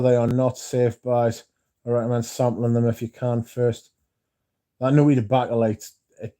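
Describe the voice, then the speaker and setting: Guy rambling on his livestream, reading chat out loud, low mellow voice, drops a swear here and there. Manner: chatty, reads out viewer comments and answers them; swears casually, rambling asides. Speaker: livestream host.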